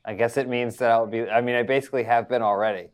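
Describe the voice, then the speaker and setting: A man plays his character in an improvised tabletop game at a middling pitch. He is low-key and deadpan, and drops dry lines without much push. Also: fast talker, clean tone. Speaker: player.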